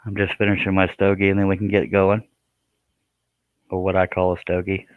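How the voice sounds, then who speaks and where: Low-voiced man on a tinny line. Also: monotone, brisk, no echo. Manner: joking, rambling, self-deprecating. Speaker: live stream host, scroll saw artist. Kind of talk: casual live-stream chat.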